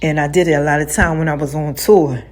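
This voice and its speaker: She's a fast-talking podcast host with a low voice and steady tone, doing a casual solo monologue. Her storytelling is slangy and loose, full of laughter and acted-out voices.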